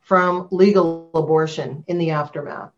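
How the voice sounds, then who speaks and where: A middle-aged woman, a guest, telling her personal testimony in a heartfelt, storytelling way, rushing at moments and going soft and slow at others. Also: deep voice, steady tone. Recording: dull lo-fi sound.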